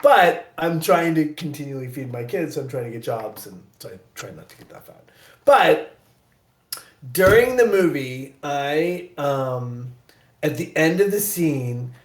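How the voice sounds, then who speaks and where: Animated rambling man in an echoey room. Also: on the high side, unhurried. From Midwest US. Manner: rambling, self-deprecating, animated when quoting himself. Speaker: guest actor. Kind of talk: casual storytelling on a live audio chat.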